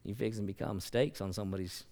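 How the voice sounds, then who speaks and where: A man preaching a sermon as pastor, building to loud emphatic peaks and acting out quoted voices. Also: on the low side, steady tone, quick pace. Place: large church sanctuary. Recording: long church hall reverb.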